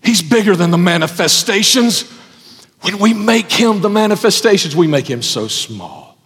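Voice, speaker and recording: A man preaching a sermon as pastor, folksy in his wording, swinging from loud exhortation to hushed tones. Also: high voice, sing-song, normal speed. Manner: folksy, says ain't and gotta. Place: church sanctuary. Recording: long hall reverb.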